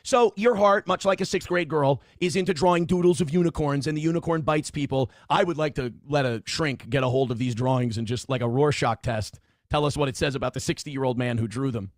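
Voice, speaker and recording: A man's voice: mid-range voice, fairly quick, dry recording. Dry, teasing man on a stream. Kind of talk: live stream commentary.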